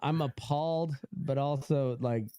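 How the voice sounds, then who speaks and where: A man's voice: medium pitch, unhurried, a crowd in the background. A young man hosting a casual podcast chat, rambling with many fillers and restarts and laughing often, on a close mic. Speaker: podcast host.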